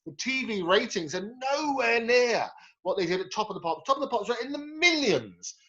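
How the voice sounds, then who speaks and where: A male host with a notably high voice for a man. He talks briskly and encourages his guest, and the audio sounds dull and lo-fi. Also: lively intonation, a bit bright. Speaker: talk show host. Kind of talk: interview hosting.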